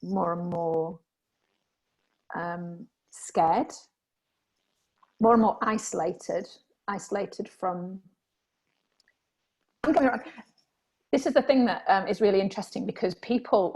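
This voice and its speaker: A woman speaking candidly as a guest in a reflective conversation, sometimes animated when reenacting her past self. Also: mid-range voice, measured pace, long pauses, poor audio.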